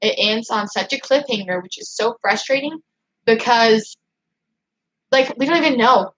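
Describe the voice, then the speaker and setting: Excitable woman ranting on a livestream. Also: fairly high pitch, moderate pace, rough recording. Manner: excitable and frustrated, heavy use of "like". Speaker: channel host reading live chat. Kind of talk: casual livestream rant.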